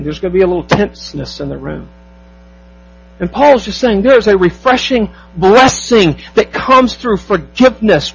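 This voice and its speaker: A man preaching a sermon as pastor, emphatic, asking the congregation rhetorical questions and slowing down to stress key phrases. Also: high-pitched, gravelly, breathy edge, dull audio.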